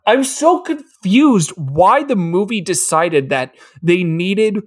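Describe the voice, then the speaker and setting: Male podcast co-host, sarcastic casual recapper, lively pitch. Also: slow pace, husky. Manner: animated, sarcastic. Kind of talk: casual movie recap chat.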